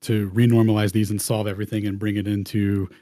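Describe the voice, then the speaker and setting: A man hosts a round table, talking loosely over his slides and often restarting phrases. His voice is mellow and relaxed, and the recording is dry and close. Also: on the low side, fast, no echo. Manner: rambling, slangy, restarts mid-phrase. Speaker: host. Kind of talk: casual presenting over slides.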